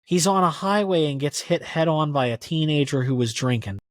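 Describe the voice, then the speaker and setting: A podcast guest who is a country music historian speaks at normal speed in a fairly high voice. His conversational storytelling rambles and gets animated, thick with "like" fillers. The audio is studio quality with no room sound.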